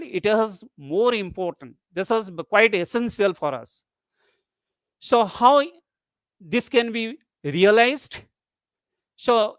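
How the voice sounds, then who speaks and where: A methodical lecturer delivering an academic webinar, defining terms and then restating them to make sure they sink in. The pitch sits in a middling range, and the recording is close and dry with no room sound. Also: fairly bright tone, no echo. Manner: methodical, explains step by step with repeated definitions. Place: online webinar.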